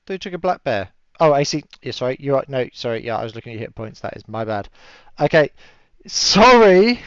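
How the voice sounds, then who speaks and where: A man serving as game master for a tabletop game chats away, laughing often and using plenty of fillers. His voice leans high, clear and resonant, and the recording is dry yet dull and lo-fi.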